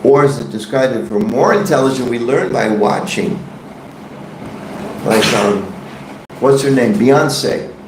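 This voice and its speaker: A man's voice: mid-range voice, expressive, measured pace, pauses often, background noise. A man teaching a devotional scripture class in a temple hall, conversational and joking, questioning his audience. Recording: echoey room.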